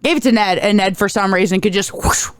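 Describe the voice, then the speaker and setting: A woman co-hosting a casual movie chat who retells scenes with animated, acted-out quotes. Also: medium pitch, quick pace, no echo, studio quality. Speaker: co-host.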